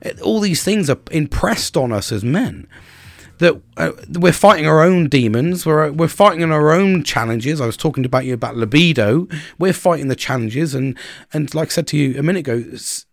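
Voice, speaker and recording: A man's voice: a little high, lively intonation, moderate pace, vocal fry, no echo. A middle-aged man hosting a podcast, talking candidly and bluntly in a casual monologue, swearing often and repeating words as he starts sentences. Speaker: podcast host.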